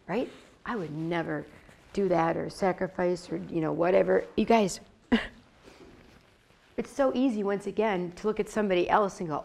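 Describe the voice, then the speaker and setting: A woman leading a Bible study in a loose, conversational way. Her voice is low and gravelly, and she talks in a confiding tone with many asides to the group. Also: moderate pace, background noise. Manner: chatty, confiding, full of asides. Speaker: Bible teacher.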